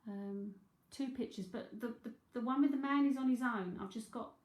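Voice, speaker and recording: A woman's voice: fairly high pitch, normal speed, a little mellow. A woman with a London Cockney accent giving a live psychic reading, chatty and thinking aloud with frequent laughs. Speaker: psychic medium. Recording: roomy echo.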